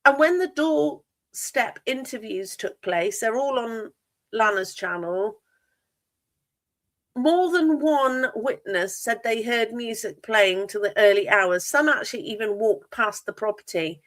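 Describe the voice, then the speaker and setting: A woman's voice: fairly high pitch, lively intonation, measured pace, a bit bright. A woman hosting a livestream about a true crime case, asking pointed, disbelieving questions with emphatic stress. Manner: incredulous, emphatic, asks many questions. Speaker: livestream host. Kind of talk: true crime discussion stream.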